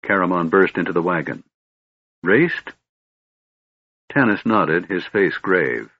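A man narrating a fantasy audiobook in a steady, measured storytelling manner, with a husky voice. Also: sits low, dry recording, muffled recording. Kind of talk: scripted narration.

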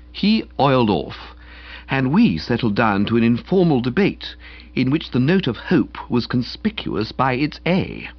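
A man narrating a comic novel aloud in an expressive, wide-ranging storytelling delivery with a husky voice. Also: mid-range voice. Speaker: audiobook narrator. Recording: slightly dull lo-fi recording.

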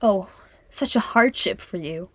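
A woman reading a fond, teasing older female dwarf, with a gentle, amused manner. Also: mid-range voice, lively intonation, a little slow, dry recording. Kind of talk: audiobook fan fiction reading.

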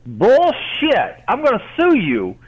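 Furious high-voiced man on the phone. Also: animated, brisk, muffled recording. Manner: furious, swearing, repeats himself. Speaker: prank call target. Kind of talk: heated phone argument. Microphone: phone line.

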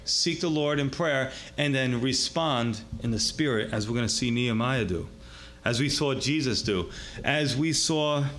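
A man preaching a sermon as pastor, emphatic, swinging between raised and hushed delivery. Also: mid-range voice.

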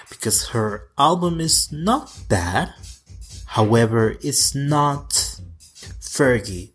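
Sassy, husky-voiced young man. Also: medium pitch, fairly bright tone. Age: 20s. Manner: sassy, campy, swears freely. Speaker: vlogger. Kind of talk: casual pop-culture commentary.

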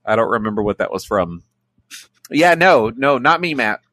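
A man chatting casually as a podcast co-host, jokey and animated, slipping into silly voices. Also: medium pitch, normal speed, dry recording. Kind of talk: casual chat.

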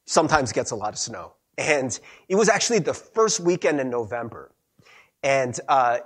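A young man preaching a sermon as a pastor, telling stories in a chatty, animated way with frequent laughs and a husky voice. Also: fairly high pitch.

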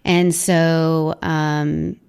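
A woman's voice: low-pitched, level tone, extremely slow, gravelly, darkish tone, smooth. A woman guest in a studio interview, telling stories about her charity event in a chatty way, full of fillers and quoted voices. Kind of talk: casual storytelling interview.

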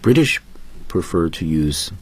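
Low, husky male radio teacher. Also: sing-song, measured pace. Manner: explanatory, switches between Chinese and English. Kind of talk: bilingual radio lesson.

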